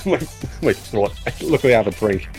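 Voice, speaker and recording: A man, a game developer and amateur voice actor, chatting casually on a stream, animated and self-deprecating, laughing often. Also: medium pitch, unhurried, soft background music.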